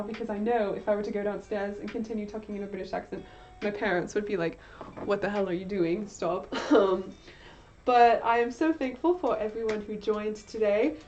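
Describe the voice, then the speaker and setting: A young woman art streamer chats casually with her stream while drawing, rambling with plenty of fillers and giggles. Her voice is a little high with a darkish tone. The stream audio is dull and lo-fi, with faint music behind her.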